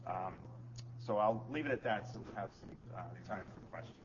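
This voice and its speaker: Low-voiced man presenting on a panel. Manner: measured, policy-minded, frequent fillers and restarts. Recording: dull lo-fi conference recording, faint noise.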